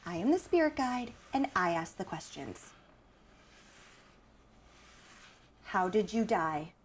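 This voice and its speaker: A woman's voice: mid-range voice, very animated, normal speed, slight background noise, close to an everyday voice. An actress playing a young woman who leads a seance, speaking in a solemn, commanding way. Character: bossy young woman spirit guide. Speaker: seance leader. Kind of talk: horror short film acting.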